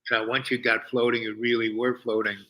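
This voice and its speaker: An older man from New York telling a long personal story in a halting way, full of fillers and restarts. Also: medium pitch, little pitch movement, sharp tone, low-quality recording. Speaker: storyteller host. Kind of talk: rambling personal anecdote.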